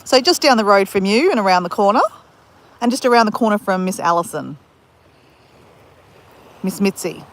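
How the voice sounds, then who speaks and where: A woman's voice: mid-range voice, lively intonation, moderate pace, pauses often, a bit bright. A woman with an Australian accent hosts a casual live stream from a beach on her handheld phone, chatting with viewers by name and laughing often. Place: outdoors at a beach at sunrise.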